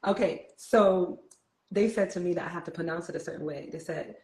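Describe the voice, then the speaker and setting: A woman's voice: lowish voice, brisk, darkish tone, echoey room, rough recording. A woman from New York with a New York accent hosting a casual spiritual talk, playful, laughing often and turning reflective.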